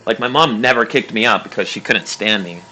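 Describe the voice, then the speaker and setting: While gaming on stream, a young man casually tells a long story, rambling, swearing, laughing and using lots of fillers along the way. He talks fairly quickly in a lowish voice with a sharp tone.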